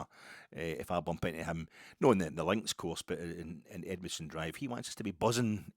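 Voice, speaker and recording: Deep-voiced Scottish man, rambling podcast. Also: moderate pace, gravelly, no echo, clean studio sound. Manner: rambling, self-mocking, sweary humor. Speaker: podcast host. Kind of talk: casual podcast monologue.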